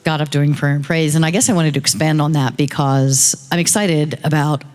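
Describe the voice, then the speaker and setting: Lively woman storyteller, audience testimony, echoing hall sound. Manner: fast, lively storytelling with high-pitched acted quotes. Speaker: audience member sharing a story. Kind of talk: animated personal testimony.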